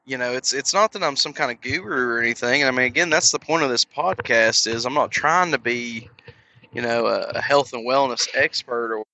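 A man's voice: mid-range voice, brisk, sharp tone, no echo. A man hosting a podcast, talking casually into a headset in a rambling, self-deprecating way, full of fillers and acted-out voices. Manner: acts out voices of people in his stories. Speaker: podcast host.

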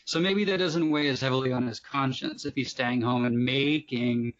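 A man's voice: mid-range voice, moderate pace, a bit bright. A man appearing as a podcast guest, talkative and digressive in casual chat. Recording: dull lo-fi sound.

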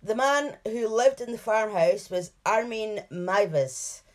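Woman co-host, conversational case narrator who laughs easily; middle-pitched, natural everyday delivery. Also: lively intonation, takes it slowly. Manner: chatty, laughs often, hedges over details. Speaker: true crime podcast co-host. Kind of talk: casual chat and case narration.

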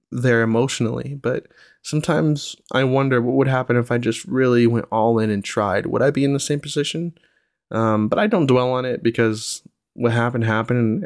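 A young adult man hosting a casual solo podcast, reflective and relaxed, with many ums and you-knows. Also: mid-range voice, no room sound, clean studio sound. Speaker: podcast host, single father.

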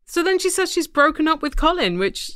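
A woman's voice: sits high, very animated, a little fast, a bit bright, no echo. A woman co-hosting a podcast, recapping a TV episode in casual chat with dry, wry humor. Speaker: podcast co-host.

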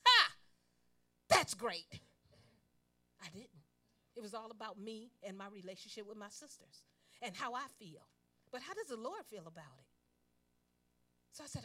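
Older woman, church finance teacher; high, bright, animated delivery with call-and-response. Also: moderate pace, long pauses. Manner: animated, preachy, calls for audience response. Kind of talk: lively church teaching talk.

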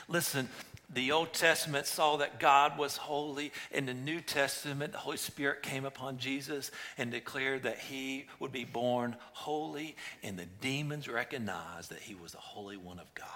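A man preaching a sermon, reading scripture aloud and moving between hushed whispers and intense, raised passages. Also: mid-range voice. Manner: dynamic preaching, dropping to a whisper then rising to intense cries. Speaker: pastor.

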